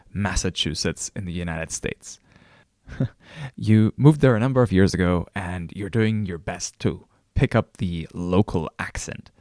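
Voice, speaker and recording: A man's voice: low-pitched, darkish tone, no echo, clean studio sound. A male course instructor narrating a recorded lesson, telling a story and speaking straight to the listener. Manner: storytelling, addresses the listener directly.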